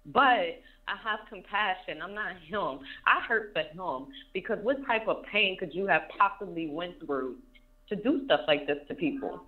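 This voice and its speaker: Woman around thirty opening up in an interview, kinda low voice, earnest, says things twice, muffled lo-fi sound. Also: expressive, moderate pace. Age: about 30. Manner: earnest, repeats her points for emphasis. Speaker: interview guest. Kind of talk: candid emotional interview talk.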